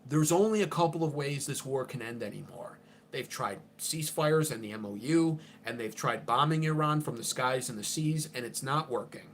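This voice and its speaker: Abrasive, profane livestream ranter. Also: male voice, medium pitch, animated, moderate pace, fairly bright tone, slight background noise. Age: under 40. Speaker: political livestream host. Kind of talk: unscripted political livestream commentary.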